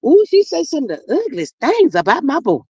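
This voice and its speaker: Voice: high voice, wildly swooping pitch, fairly quick, darkish tone, no echo, full character voice. A live streamer voicing an aggrieved older mother who dramatically defends her grown son. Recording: dull lo-fi dry audio.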